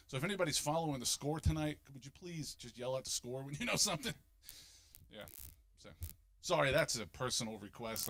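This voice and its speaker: A fifty-something man works a stand-up set, his voice swinging widely up and down. His tone is bright and forceful, and he leaps into loud, overblown voices to sell the jokes. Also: medium pitch. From Philadelphia, United States. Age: 50s. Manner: animated, jumps into loud exaggerated voices for punchlines. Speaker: stand-up comedian.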